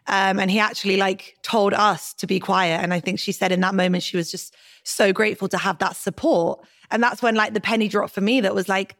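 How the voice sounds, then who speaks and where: A woman's voice: medium pitch, dry recording, studio quality. A woman co-hosting a podcast, thoughtful and joking by turns as she shares personal stories. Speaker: podcast co-host. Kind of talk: casual podcast chat.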